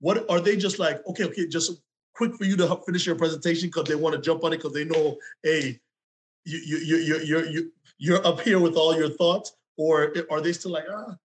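A man from Jamaica co-hosting an interview, asking questions in an animated, casual way. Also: fairly high pitch, a little fast, poor audio. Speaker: co-host.

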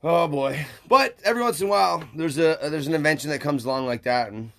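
A man's voice: on the high side, fast, creaky, sharp tone. A man co-hosting a podcast in a laid-back, joking chat, full of dude and bro. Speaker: podcast co-host. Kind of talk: casual chat.

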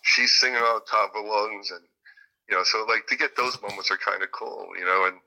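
A man's voice: fairly low pitch, fairly quick, bright, forceful tone, poor audio. A man being interviewed as a music producer and guitarist, telling stories in a rambling way with many fillers and restarts. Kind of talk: casual interview chat.

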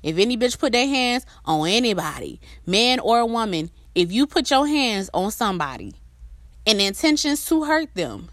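A woman's voice: fairly high pitch, sing-song, moderate pace, fairly bright tone, dry recording, studio quality. A woman ranting to her viewers with relationship advice, blunt and emphatic, swearing heavily as she tells her own stories. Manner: blunt, emphatic, heavy swearing, storytelling asides. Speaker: vlogger giving relationship advice. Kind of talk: casual profane rant to viewers.

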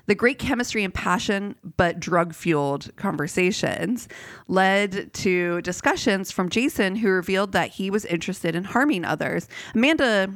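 A woman's voice: mid-range voice, expressive, no room sound, studio quality. A woman co-hosting a podcast, casually retelling a true crime case with fillers and restarts. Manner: loose, halting with fillers and restarts. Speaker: podcast co-host.

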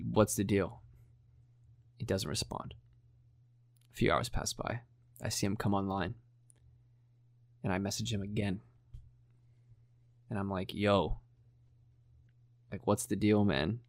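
Low-voiced man telling a story. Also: slow pace, pauses often, dry recording. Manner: animated, acts out quotes, lots of "like" and swearing. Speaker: streamer telling a story on a podcast. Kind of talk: casual storytelling chat.

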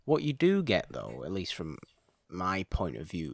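A man's voice: deep voice, huge pitch swings, unhurried, vocal fry, breathy edge, no echo, clean studio sound. A man hosting a casual podcast chat, talking with enthusiasm and rambling, often repeating words. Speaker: podcast host.

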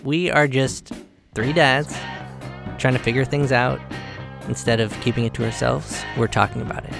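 A man co-hosting a casual podcast over a video call, chatty and quick to react. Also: mid-range voice, steady tone, gravelly, over music. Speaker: podcast co-host. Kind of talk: casual chat. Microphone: microphone on a video call.

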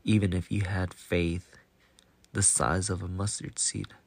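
A man reading as Jesus, stern and low. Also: little pitch movement, vocal fry, dry recording, full character voice. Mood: patient. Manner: measured, commanding. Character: Jesus, a stern calm male teacher.

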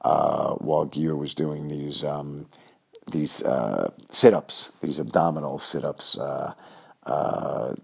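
A man's voice: a bass voice, slow pace, creaky, breathy edge. A man from New York telling a rambling personal story full of fillers and acted-out quotes. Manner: filler-heavy, animated, acts out quoted voices. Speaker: storyteller recalling his youth.

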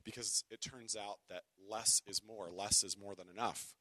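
A man preaching a sermon, with wry conversational asides, who reads scripture dramatically, swinging from loud declaiming to hushed whispers. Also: lowish voice, fairly even intonation, moderate pace. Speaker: pastor.

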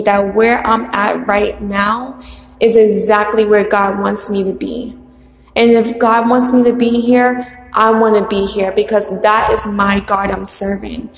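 A young woman giving an earnest, fervent faith testimony as a single church member, repeating her phrases for emphasis. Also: mid-range voice. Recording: echoey hall with long reverb.

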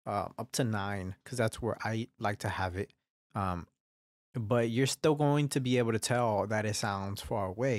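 A young man talking alone on a podcast in a loose, rambling way, dropping swear words into nearly every sentence. His voice sits at an ordinary middle pitch. The sound is dry, with no room echo, and he drifts nearer to and farther from the microphone. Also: a little mellow. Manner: profane, rambling, swears constantly. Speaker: podcast host. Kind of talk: casual solo podcast talk. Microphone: studio microphone, varying distance.

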